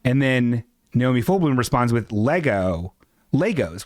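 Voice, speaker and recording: A man's voice: mid-range voice, big pitch swings, moderate pace, a little mellow, dry recording, studio quality. A man hosting a live-streamed show, chatting casually and reading chat aloud in a flustered, rambling way. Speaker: podcast host.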